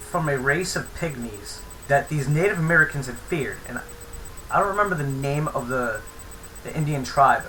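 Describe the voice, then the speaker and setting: A man's voice: mid-range voice, pushed and bright, slight background noise, poor audio. A young man telling a rambling, profane story in a casual vlog. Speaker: vlogger.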